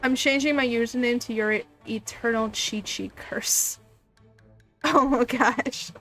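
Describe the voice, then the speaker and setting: Woman streamer, light soprano, pitched a bit high; chatty, giggly, stumbles over words. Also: fairly even intonation, slow, fairly bright tone, faint music behind. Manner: chatty, giggly, lots of restarts. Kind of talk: casual livestream chat while gaming.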